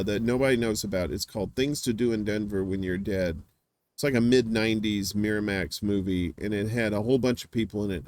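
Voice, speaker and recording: A man hosting a casual live-stream chat, telling rambling stories full of filler words and dropping into quick voice impressions. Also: on the low side, darkish tone. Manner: does quick voice impressions of others. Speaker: host.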